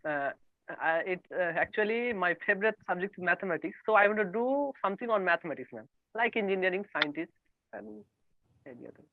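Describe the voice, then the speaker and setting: Teen boy, Indian English accent, halting, respectful student, tinny phone-like line, dry. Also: high voice, lively intonation, vocal fry, no echo. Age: teens. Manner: hesitant, halting, respectful, says "yes, ma'am" often. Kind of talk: tutoring session, answering questions.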